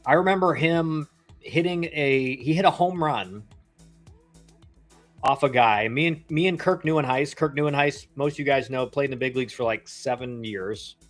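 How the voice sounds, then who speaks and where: A man's voice: mid-range voice, normal speed, faint music behind. A man in his thirties, a former pro ballplayer, casually commenting on a live game, chatty and rambling with slangy asides. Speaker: livestream baseball commentator, former pro player.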